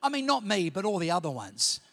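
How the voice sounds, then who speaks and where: A middle-aged Australian pastor preaches with animated storytelling that swells into shouts. His voice sits very high, with a gravelly edge. It rings out with a long reverb, as in a large hall. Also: fairly quick. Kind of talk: sermon with personal stories.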